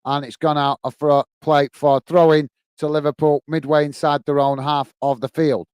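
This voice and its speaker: A British man with a fairly high, smooth, clear voice runs live fan commentary on a football match. He talks straight to his viewers, calls everyone "mate", and speaks bluntly. The sound is dry and close, with no room around it. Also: flat delivery, normal speed, a little mellow, dry recording. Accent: British English. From England. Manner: calls "mate" often, blunt and chatty, gets openly irritated.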